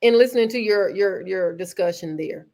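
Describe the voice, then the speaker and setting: A woman's voice: mid-range voice, normal speed, dark tone. A woman hosting a casual conversation, speaking earnestly and restarting her sentences often as she works through her points. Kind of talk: casual chat.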